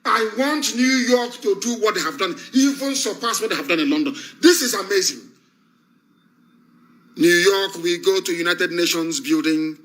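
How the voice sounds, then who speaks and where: A man's voice: sits high, animated, normal speed, fairly bright tone, poor audio. A man with a Nigerian accent giving an impassioned broadcast address as a preacher, fiery, repetitive and commanding.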